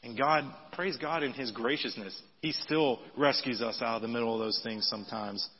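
A man preaching a sermon in a conversational style, reading scripture aloud with lively emphasis. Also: mid-range voice, moderate pace, husky. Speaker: pastor. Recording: dull audio with long hall reverb.

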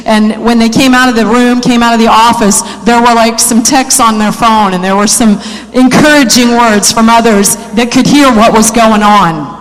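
A woman preaches a sermon in a church, her voice carrying a long hall reverb. She moves from easygoing, conversational talk to loud, repeated exhortations. She often puts questions to the congregation. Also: a little high, fairly even intonation, moderate pace. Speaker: church speaker.

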